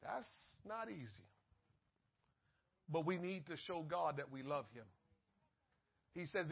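A male preacher giving a sermon, swinging between loud exhortation and hushed asides, on a dull lo-fi recording. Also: high-pitched, creaky, husky.

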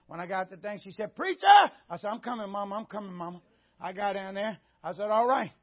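A high, husky male voice with a drawl, preaching with fire and climbing to shouts at the high points. The recording is dull and lo-fi, like old church sermon audio. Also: fast talker. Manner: animated preaching, shouting at peaks.

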